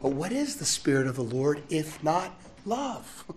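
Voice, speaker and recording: A man from the States, preaching a sermon in a lively call-and-response manner and chuckling often. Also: a little high, measured pace, slight background noise. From Southern United States.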